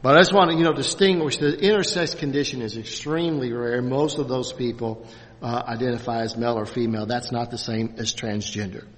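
A man in his sixties leading a church class, talking in a halting way with many restarts and fillers. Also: mid-range voice, steady tone. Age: 60s. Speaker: Bible class teacher. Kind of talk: church class lecture with questions. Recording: reverberant hall.

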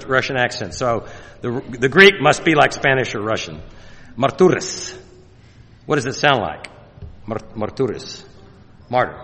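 A man preaching a sermon, animated and joking, with mocking asides in put-on voices. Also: a little high. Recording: reverberant hall.

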